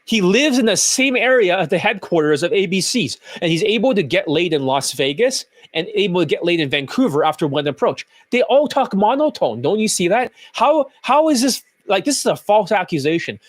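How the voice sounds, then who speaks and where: Brief: male coach, high-pitched, furious profane rant, dry room. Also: very animated, a little fast, few pauses, no echo. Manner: profane, ranting, combative. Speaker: dating coach. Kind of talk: angry commentary over clips.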